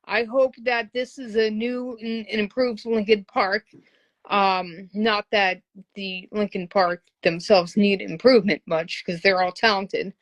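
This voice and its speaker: Female interviewer, mid-pitched voice, enthusiastic fan, casual and exclamatory. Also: fairly even intonation, a little slow. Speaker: interviewer, host.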